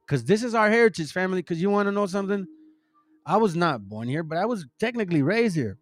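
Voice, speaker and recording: Middle-aged man, slightly high voice, slangy rambling monologue to online followers, voices the characters in his anecdotes. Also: big pitch swings, fast talker, faint music behind. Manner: slangy, addresses listeners as bro and family; retells stories acting out each character. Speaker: online religious commentator.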